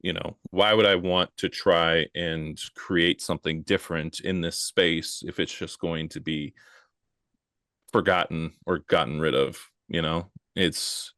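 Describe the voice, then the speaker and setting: A man co-hosting a podcast, speaking earnestly and haltingly with many fillers. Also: very deep voice, fairly bright tone, no echo, studio quality. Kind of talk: casual podcast discussion.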